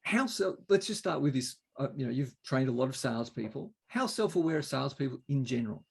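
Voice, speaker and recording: A British man hosts a webinar over a video call. His voice is gravelly with a husky edge. He asks questions in a relaxed, self-deprecating way. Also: mid-range voice, fast. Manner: conversational, self-deprecating, hesitant restarts. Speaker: webinar host. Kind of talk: webinar conversation.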